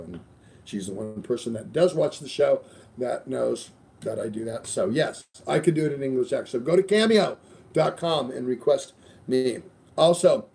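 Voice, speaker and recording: A man's voice: mid-range voice, creaky, dark tone, a little hiss or hum. A middle-aged man hosting a casual podcast, rambling loosely through sponsor reads with plenty of swearing. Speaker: show host.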